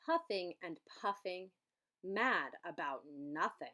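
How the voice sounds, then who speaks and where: Reading aloud from a children's picture book, a woman uses an expressive, storytelling delivery. Her voice is mid-range and her pacing measured.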